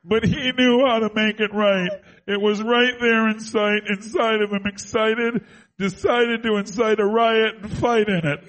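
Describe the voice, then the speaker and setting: A high, nasal voice, squeezed through a plugged nose, as a man puts it on for laughs. He recites his lines in slow, earnest drama. It plays like a mock-serious radio bit. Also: fairly even intonation, fairly bright tone, low-quality recording. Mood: mock dramatic. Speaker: radio show co-host. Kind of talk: comic impression on a radio show.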